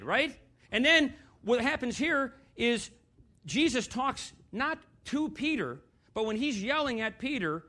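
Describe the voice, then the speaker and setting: A man's voice: very high-pitched, bright, forceful tone. A man preaching a sermon in a church, talking conversationally, putting questions to the congregation and slipping in dry, sarcastic humor.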